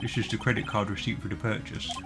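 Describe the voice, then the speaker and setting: A man reading the lines of a gruff, loyal male police detective who tacks a folksy tag word onto his sentences, over game music. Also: on the low side, little pitch movement, fast talker, close to an everyday voice. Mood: earnest.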